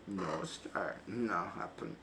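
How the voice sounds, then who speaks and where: A man's voice: low voice, takes it slowly. A man, a self-styled preacher vlogger, boasting, taunting and swearing in a profane, confrontational rant. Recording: noisy background ambience.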